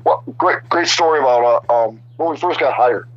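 A man's voice: mid-range voice, normal speed, no echo, highs cut off. Older man telling rambling career stories. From Chicago area. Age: 60s. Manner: rambling, animated, many restarts. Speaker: guest artist. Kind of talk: casual storytelling interview.

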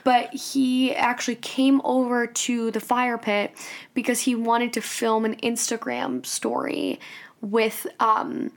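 A young woman in casual podcast chat, rambling through a story with fillers and quick asides. Her voice sits fairly high. She drops into quoted lines as she goes. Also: level tone, vocal fry. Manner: chatty storyteller, quotes people in a higher voice. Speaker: podcast co-host. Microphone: studio microphone.

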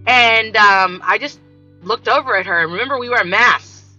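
A vlogger with a medium-pitched voice at normal speed tells a work story as a casual monologue, animatedly acting out the voices of the people involved. The recording sounds dull and lo-fi, with faint music underneath.

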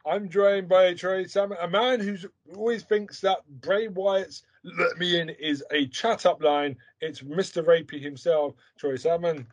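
Guy hosting a podcast, blunt crude jokes, kinda high voice. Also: fairly even intonation, unhurried, few pauses. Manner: blunt, provocative, joking. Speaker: podcast host. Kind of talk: crude casual chat.

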